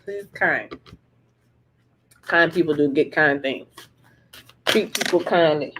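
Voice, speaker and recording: A woman's voice: deep voice, takes it slowly, fairly bright tone, a little hiss or hum. A woman giving a casual tarot reading on a livestream, rambling and profane, laughing often and repeating herself for emphasis. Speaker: tarot reader.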